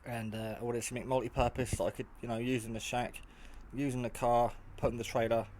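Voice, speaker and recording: A man's voice: medium pitch, little pitch movement, quick pace, darkish tone. Tired rambling man talking while he builds. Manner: rambling, chatty, many fillers and restarts. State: tired, half asleep. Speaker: hobbyist maker. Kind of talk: casual build vlog. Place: indoor workshop at home. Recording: faint background noise and clicks.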